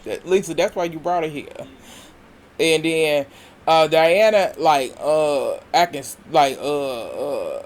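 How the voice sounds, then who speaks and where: Slow, rambling man recapping a show. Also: a little high, slight background noise. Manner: rambling, full of hesitations and restarts. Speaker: reality TV reviewer. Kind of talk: casual episode recap.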